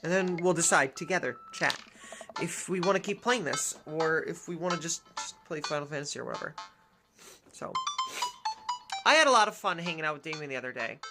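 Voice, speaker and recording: A woman's voice: low-pitched, animated, fairly quick, music in the background. A woman streamer chatting casually and musing aloud to her chat as she plays a dating game. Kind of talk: casual gameplay commentary.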